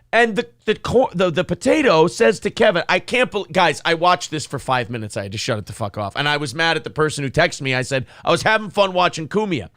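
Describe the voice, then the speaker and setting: Male podcast host, high pitched, lively storyteller who acts out quotes; dry studio sound. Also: brisk, few pauses, dry recording. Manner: animated storyteller, acts out quotes, swears freely. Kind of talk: casual chat.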